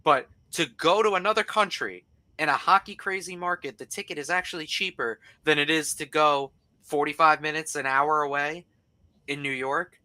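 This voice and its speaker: A man from Long Island calling into a show, chatting casually and ranting in halting, restarting phrases. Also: on the high side, pushed and bright, no room sound. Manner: halting, restarts and repeated words while ranting. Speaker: caller. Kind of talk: casual chat.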